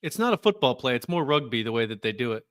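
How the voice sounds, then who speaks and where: A man co-hosting a sports podcast who slips in dry, crude wisecracks. He talks fast with a bright, tense voice. The sound is dry and close. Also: mid-range voice, sing-song, dry recording. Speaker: podcast co-host. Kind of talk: casual sports podcast chat.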